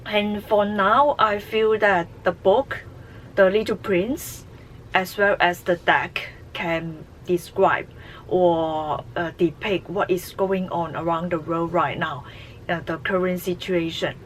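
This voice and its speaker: Slow, halting woman reviewing a tarot deck. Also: on the low side, steady tone, a little hiss or hum, rough recording. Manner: halting, many fillers. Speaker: tarot channel host.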